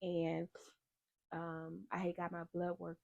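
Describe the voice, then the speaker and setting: A woman vlogger telling a personal story in casual talk, animated, acting out what other people said to her. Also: on the low side, slow, vocal fry, lo-fi sound. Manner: animated, acts out quoted people in dialogue.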